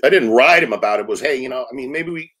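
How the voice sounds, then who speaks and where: A man in his sixties, a film director, telling lively anecdotes in an interview and acting out quotes. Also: medium pitch, racing. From United States. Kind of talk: storytelling interview talk.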